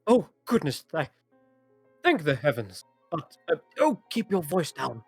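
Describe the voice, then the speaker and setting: A man doing a regal, noble stranger trapped high in a balloon basket, talking in a hushed but carrying stage whisper. The voice is refined and anxious, pitched well above his own. Faint music plays behind. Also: very animated, unhurried, gravelly, breathy edge, no echo, full character voice.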